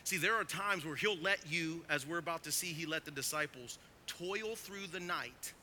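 A man preaching a sermon as pastor, emphatic, swinging from quiet asides to loud, urgent stresses. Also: a little high, normal speed, slight background noise.

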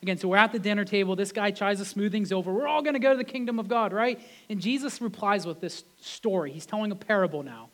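High-voiced man preaching a conversational sermon. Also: expressive, fast talker, few pauses, a bit bright. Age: adult with wife and kids. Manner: conversational, peppered with rhetorical questions. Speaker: pastor.

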